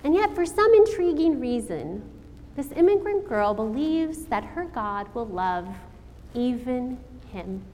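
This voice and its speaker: Woman preaching slowly in an echoing hall. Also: fairly high pitch, very animated, dark tone, slight background noise. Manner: slow dramatic storytelling with rhetorical questions. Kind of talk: sermon. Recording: long hall reverb, faint ambience.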